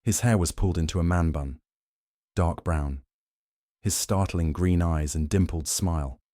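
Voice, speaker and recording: A man narrating a werewolf romance novel, telling it in the first person in a steady, even way. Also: low voice, unhurried, dry recording, clean studio sound. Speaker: audiobook narrator.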